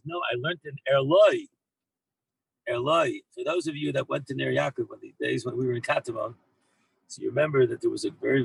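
A man who heads a yeshiva, telling an anecdote in an animated way to his former students, mixing in Hebrew and Yiddish words and often repeating himself as he goes. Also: mid-range voice, creaky, breathy edge, no room sound, poor audio. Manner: frequent repeats and restarts. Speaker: rabbi and yeshiva head. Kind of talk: storytelling talk to former students.

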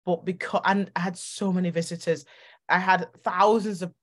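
A woman hosting a podcast, telling personal stories in an animated, emotional way with quick bursts of speech. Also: lowish voice. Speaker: podcast host. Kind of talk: casual interview chat.

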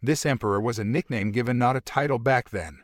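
A man narrating an amateur fantasy story, reading in a halting, stumbling way. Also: mid-range voice, no echo, studio quality.

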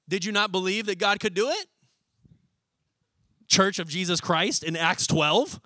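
A young man preaching a sermon as pastor, talking in a lively, casual way and acting out little scenes as he goes. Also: high-pitched, no room sound. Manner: animated, conversational, acts out scenes in quick voices.

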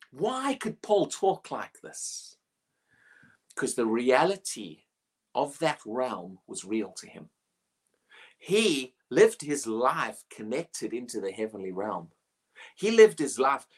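A woman preaching a sermon, emphatic and animated, often asking rhetorical questions. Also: sits low, husky.

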